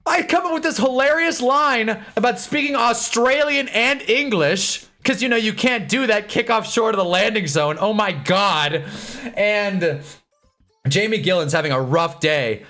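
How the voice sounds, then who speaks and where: A young man with a Midwestern American accent hosting a live stream, telling a dating story in an animated, laughing way and breaking off for quick remarks on the game. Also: high-pitched, soft background music. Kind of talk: casual storytelling while watching football.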